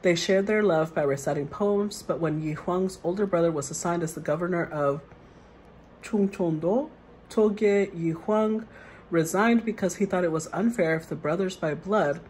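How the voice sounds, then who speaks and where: A woman's voice: on the low side, normal speed, darkish tone, a little hiss or hum, rough recording. A woman tarot reader who reads the card meanings aloud and then muses over them in a casual way.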